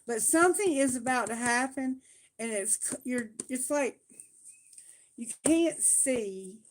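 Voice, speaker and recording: A woman doing a live tarot reading, talking bluntly and emphatically, swearing freely and asking Spirit questions out loud. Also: fairly high pitch, animated, slow, slight background noise. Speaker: tarot reader.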